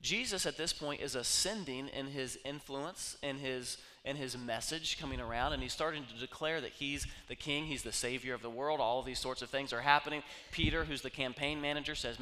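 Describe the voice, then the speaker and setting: A man preaching a sermon, telling stories with humor and swinging from loud bursts to hushed asides. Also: medium pitch, moderate pace. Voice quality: animated, jokey storytelling with sudden loud bursts and hushed asides. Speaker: pastor. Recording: long reverb of a large hall.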